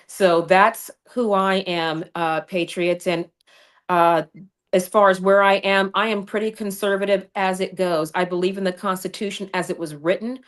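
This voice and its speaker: A woman running for Congress, a guest on a livestream, telling her story in a fiery, combative way. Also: mid-range voice. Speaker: congressional candidate. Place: home studio over streaming video call. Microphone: remote streaming mic.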